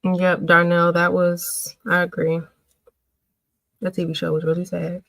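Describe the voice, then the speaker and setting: A woman hosting a casual livestream, chatting with viewers and answering their comments in an emotional, animated way. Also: fairly low pitch, a little slow, gravelly, no room sound, rough recording. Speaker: livestream host.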